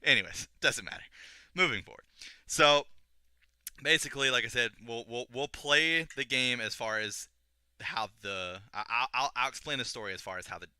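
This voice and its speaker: A man's voice: mid-range voice, normal speed, pushed and bright, clean tone, no room sound, clean studio sound. A young man casually retelling a video game story to a friend, rambling with restarts and acting out the characters' lines. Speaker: podcast co-host explaining a game story.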